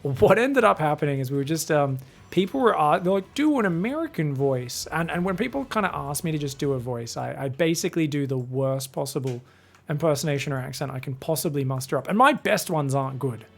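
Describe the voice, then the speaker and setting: A man's voice: a little high, expressive, brisk, vocal fry. A man casting a game live on his own, chatty and rambling, talking straight to his viewers. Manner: chatty, rambling, talks to chat. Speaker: game caster. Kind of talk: live solo game commentary.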